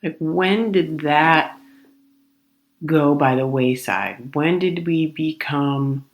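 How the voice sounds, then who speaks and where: A woman hosting a podcast, telling a comedic story in an animated, rambling way and acting out the other people in it. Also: low-pitched, takes it slowly. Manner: exasperated, rambling retelling. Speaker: podcast host.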